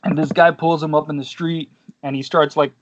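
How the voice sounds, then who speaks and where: A man's voice: a little high, flat delivery, a little fast, highs cut off. A man hosting a casual podcast chat, telling rambling stories full of slang and swearing. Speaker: podcast host.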